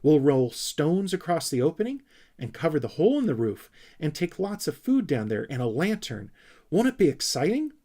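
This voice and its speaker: A man voicing a small, boastful young male creature who talks with proud excitement. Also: on the high side, normal speed, voice pushed up.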